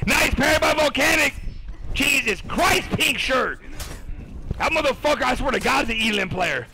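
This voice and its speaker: High, gravelly, excitable male streamer. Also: moderate pace, rough recording. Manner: excitable, swears a lot, yells at chat. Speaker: streamer commentating duels. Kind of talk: live stream game commentary.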